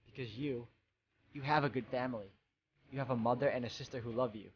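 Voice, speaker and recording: A man reading game dialogue aloud in a soft, emotional, hesitant way. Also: medium pitch, fairly even intonation, brisk, dull audio, slight background noise. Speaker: game walkthrough narrator.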